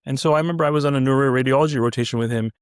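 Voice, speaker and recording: Fast-talking middle-aged male doctor. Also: medium pitch, clean tone, dry recording, studio quality. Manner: animated, many restarts and fillers. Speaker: interview guest, physician. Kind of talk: casual anecdotal storytelling.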